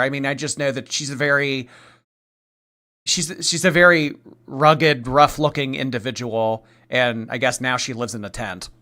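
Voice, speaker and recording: A man's voice: mid-range voice, pushed and bright. A man commenting on a live stream in a sarcastic, mocking way, rambling and restarting his sentences.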